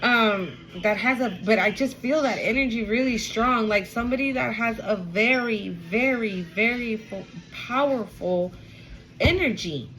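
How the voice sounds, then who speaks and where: A woman's voice: on the high side, measured pace, fairly bright tone, slight background noise, low-quality recording. A woman giving a casual, emotional spiritual card reading to her viewers, repeating herself and swearing now and then. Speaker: tarot reader.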